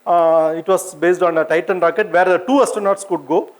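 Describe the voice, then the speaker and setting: Indian man, senior scientist type, lecturing a public audience; high voice, hesitant, lots of "uh", chatty with the crowd. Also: steady tone, a little fast, poor audio. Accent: Indian English. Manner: hesitant, many fillers and restarts; asks the audience questions, conversational. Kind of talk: informal lecture with slides.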